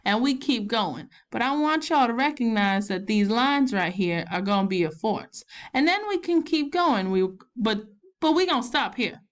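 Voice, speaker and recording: A woman's voice: fairly high pitch, expressive, normal speed, lightly acted. A woman with a Southern US accent, playing a chatty grandmother who fills in as teacher, talking students through a math lesson step by step. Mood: patient. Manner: folksy, encouraging, talks students through each step.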